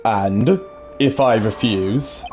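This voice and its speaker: Guy doing a low, calm, super polite assassin, slow and cold, bit of game music behind. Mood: menacing. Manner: slow, courtly, coldly polite.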